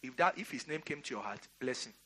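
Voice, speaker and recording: A man's voice: mid-range voice, expressive, fast, pushed and bright, breathy edge. A middle-aged Nigerian man preaching a sermon, giving emphatic commands and laughing through a storytelling aside. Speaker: pastor. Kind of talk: sermon with personal anecdote.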